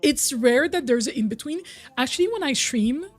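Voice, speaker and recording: Recovering from a cold, a young woman streams a game in a high-pitched, animated voice at a moderate pace, with no echo and faint music behind. She chats casually, reads and answers chat, and hums and sings snippets.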